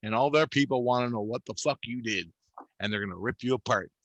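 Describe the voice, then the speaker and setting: Bright-voiced, profane man telling stories. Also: medium pitch, fast, no echo, dull audio. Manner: profane, animated, retells dialogue. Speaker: channel host recounting spiritual experiences. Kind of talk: casual storytelling conversation.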